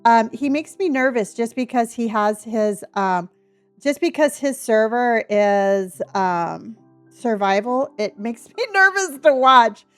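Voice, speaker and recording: A middle-aged woman with a high, bright-pitched voice chats with her viewers during a live stream. She is bubbly and talkative and thanks people one after another with quick bursts of excitement. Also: smooth, faint music behind.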